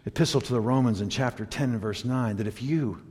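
A man preaching a sermon, telling a story and moving between loud emphatic points and hushed quiet passages. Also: mid-range voice, a little fast, breathy edge. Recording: long reverb of a large hall.

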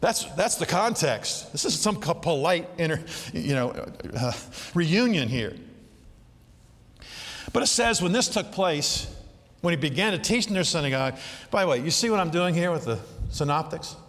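Male preacher with a high, lively voice, conversational sermon in a big echoing church hall. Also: moderate pace. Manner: animated, conversational, asks the audience questions. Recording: long hall reverb.

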